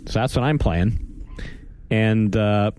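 A man's voice: on the low side, slow, darkish tone, smooth. A man hosting a casual gaming podcast, rambling and wry, often stopping and restarting his sentences. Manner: rambling, self-interrupting, wry. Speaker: podcast host. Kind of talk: casual chat.

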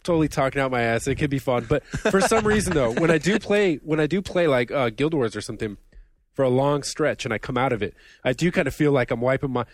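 A man co-hosting a casual podcast chat, animated and laughing often, with colorful exaggeration. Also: medium pitch, quick pace, dry recording. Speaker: podcast co-host.

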